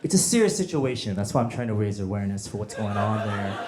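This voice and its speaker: A man's voice: fairly low pitch, fairly even intonation, fast talker, a little mellow. A man doing a stand-up comedy set on a club stage, chatting with the crowd and acting out voices. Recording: echoey club with audience noise.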